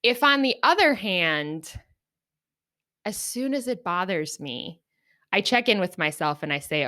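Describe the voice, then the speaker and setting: Bright-voiced woman podcast host. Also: mid-range voice, unhurried, pauses often. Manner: earnest, animated when acting out examples. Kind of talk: reflective conversational podcast talk.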